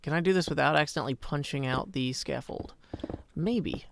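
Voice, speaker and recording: A man in his thirties hosts a relaxed live game stream, chatting wryly and reading viewers' messages aloud. His fairly high voice has a gravelly fry. A faint hiss sits under the mic. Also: brisk. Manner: chatty, wry, reads chat aloud, mutters to himself. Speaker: livestream host. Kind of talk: casual live-stream chat while gaming.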